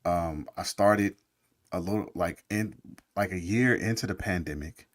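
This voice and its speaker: A man's voice: low voice, unhurried, dry recording, studio quality. A man guest in a casual interview, talking in a laid-back, encouraging way.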